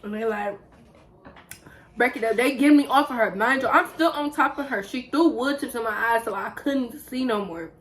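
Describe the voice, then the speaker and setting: A young woman vlogger, telling a story in a casual, animated way while eating on camera. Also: fairly high pitch, moderate pace, rough recording. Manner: lively, animated retelling with acted quotes. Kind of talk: casual storytelling during a mukbang.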